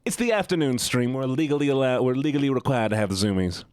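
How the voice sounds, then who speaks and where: A man's voice: medium pitch, lively intonation, fast talker, a little mellow, dry recording, clean studio sound. A male live streamer chatting playfully with his viewers, pleading and teasing. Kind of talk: casual chat with viewers.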